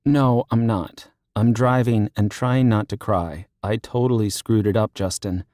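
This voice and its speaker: A man's voice: fairly low pitch, steady tone, darkish tone, dry recording, lightly acted. A man reading an audiobook, voicing an anxious young female teacher who is flustered, self-deprecating and close to tears. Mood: tearful. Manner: teary, self-deprecating, rushed. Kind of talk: audiobook character voice.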